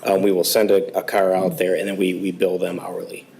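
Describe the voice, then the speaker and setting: A police chief who is losing his voice reports to a township board, apparently speaking into a meeting-room microphone. His hoarse, low voice is completely flat and a little mellow, and he speaks haltingly with many fillers on poor audio.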